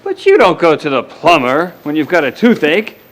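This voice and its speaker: An actor playing an officious, earnest male police detective, formal and deliberate in a sitcom. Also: fairly high pitch, heavily acted. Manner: formal, animated, slow and deliberate. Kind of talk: sitcom acting.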